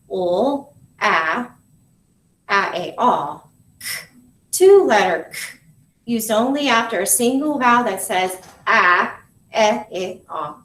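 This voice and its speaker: A woman grammar school teacher walking parents through a spelling lesson, sounding out syllables and letters slowly and deliberately. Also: on the high side, a bit bright, echoey room, recorded from a distance, slight background noise, low-quality recording.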